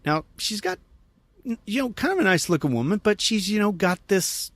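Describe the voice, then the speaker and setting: Male podcast host, animated storyteller, wide-ranging pitch, dry close recording. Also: moderate pace, no room sound. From United States. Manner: animated, laughing storyteller quoting others. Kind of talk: casual storytelling.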